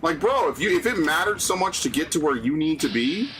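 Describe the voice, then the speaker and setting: A man's voice: on the high side, very animated, fast, hardly any pauses, noisy background. A man streaming a game, ranting profanely about city life in casual chat.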